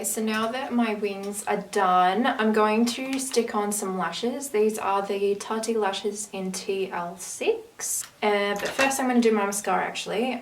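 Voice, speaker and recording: Woman, casual makeup tutorial chat, rambling, unhurried, distant camera mic. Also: mid-range voice. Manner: chatty, rambling asides while working. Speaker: makeup vlogger. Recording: roomy, distant camera audio with faint hiss.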